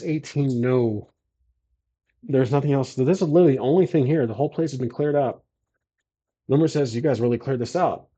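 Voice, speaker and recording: A man's voice: mid-range voice, warm tone. A man narrating a solo tabletop game casually, with many fillers and self-corrections as he rolls dice and talks through the story.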